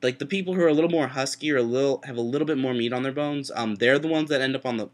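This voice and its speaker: Young man, sick, sore throat, rambling, self-mocking, webcam vlog, mid-pitched voice. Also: very fast. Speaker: vlogger. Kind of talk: casual storytelling.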